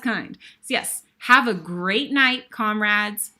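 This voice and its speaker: A woman's voice: mid-range voice, slow, few pauses, sharp tone. A young woman guest-hosting a web show, thanking viewers in an effusive, rambling, casual sign-off. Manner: effusive, grateful, rambling and self-deprecating. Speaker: guest host.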